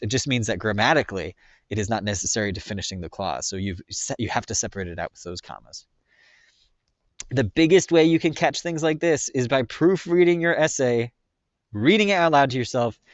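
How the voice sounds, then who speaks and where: A man's voice: medium pitch, no echo, dull audio. A man teaching a slideshow grammar lesson in a casual way, full of ums and frequent checks of "right?". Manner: casual, filler-heavy explaining with frequent "right?".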